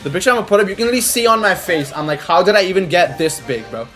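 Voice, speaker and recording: A teenage man talks fast and a little high, rambling in slang while he plays, often breaking into loud excited outbursts. Faint music runs underneath his voice. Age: teens. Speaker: gaming creator. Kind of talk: casual chat over gameplay.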